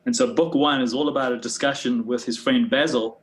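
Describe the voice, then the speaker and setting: A man's voice: medium pitch, fairly even intonation, brisk. A man co-hosting a casual theology podcast, giving brief, informative background in a plain conversational way. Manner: informative, brief interjections, laughs along. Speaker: podcast co-host and pastor.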